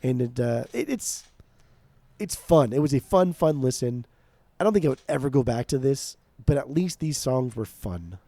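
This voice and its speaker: Sweary animated American podcast guy. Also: mid-range voice, moderate pace, no echo. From United States. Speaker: podcast co-host. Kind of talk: casual chat.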